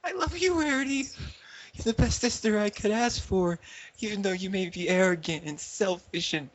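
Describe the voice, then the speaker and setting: A man doing a squeaky little filly. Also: moderate pace, natural voice. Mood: pleading. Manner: high squeaky put-on voice. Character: squeaky young filly pony sister, earnest.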